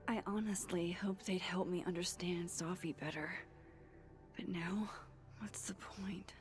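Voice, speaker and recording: A woman's voice: lowish voice, fairly even intonation, a little slow, natural voice. A woman voicing a wry young photographer. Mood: whispered. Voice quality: swears under her breath, sardonic asides. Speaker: game protagonist. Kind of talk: video game voice acting.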